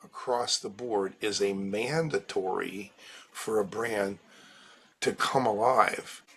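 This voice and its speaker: Bright, energetic male branding expert. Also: lowish voice, slow pace, husky. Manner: energetic, acts out little scenes with quoted voices. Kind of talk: animated interview talk.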